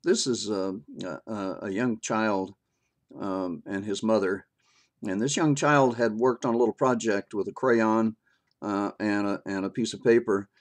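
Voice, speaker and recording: An older man giving his opinion in an unscripted video monologue, halting and folksy, with many fillers and restarts and occasional chuckles. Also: fairly low pitch, steady tone. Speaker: vlogger sharing his opinion.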